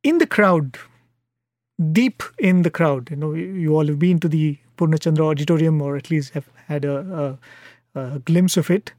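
A man, his voice sitting a little high, tells a devotional story at a patient, sincere pace. His delivery is earnest and unhurried. The sound is close and dry, with no echo. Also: a little mellow. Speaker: devotional speaker.

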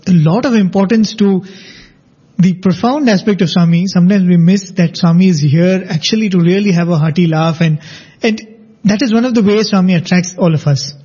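A man with a high, mellow voice tells anecdotes in an unhurried, conversational manner. His voice is slightly husky, and the audio is dull and lo-fi. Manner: anecdotal, measured, laughs while telling. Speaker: storyteller in a devotional talk. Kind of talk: conversational storytelling.

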